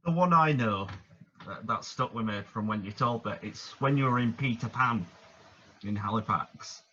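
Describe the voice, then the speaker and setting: Podcast host, man, husky bright voice on a dull lo-fi recording. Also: on the low side, normal speed. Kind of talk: casual interview. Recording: dull lo-fi sound.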